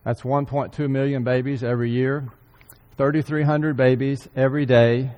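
A man preaching a sermon, earnestly repeating key phrases for emphasis and often clearing his throat. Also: mid-range voice, level tone, normal speed, lo-fi sound. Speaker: church speaker. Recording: long hall reverb.

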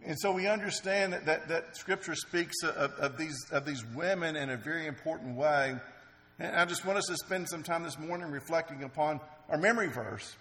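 A man's voice: fairly high pitch, normal speed, bright, forceful tone. A middle-aged man preaching a sermon in an earnest, conversational way. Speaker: pastor. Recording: long reverb in a large hall.

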